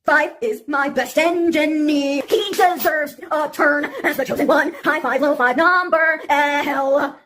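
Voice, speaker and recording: A woman's voice: high-pitched, steady tone, measured pace, hardly any pauses, background noise. A woman voicing a doting, bossy mother who talks to her sons in a giggly, coaxing singsong.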